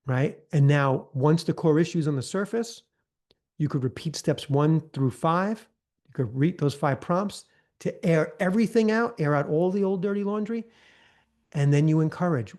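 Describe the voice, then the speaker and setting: A man leading a live training session, talking casually and often checking in with "right?", acting out gentle counselor prompts in a softer voice. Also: fairly high pitch, normal speed. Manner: conversational, often tags lines with "right?". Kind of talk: live online training talk.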